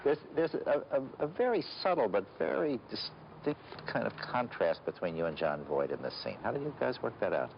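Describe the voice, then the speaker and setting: A man hosting an interview, asking measured questions and introducing film clips. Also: medium pitch, very animated, creaky. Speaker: interview host. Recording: dull lo-fi recording with faint hiss.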